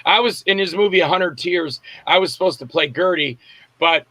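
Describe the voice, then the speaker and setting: An older man from Florida tells long, winding stories in a casual interview. His voice sits a little high and sounds bright and forceful. He acts out the other people in his tales, and the recording is close and dry. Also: normal speed, dry recording. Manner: rambling storyteller acting out quotes. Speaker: guest actor and filmmaker.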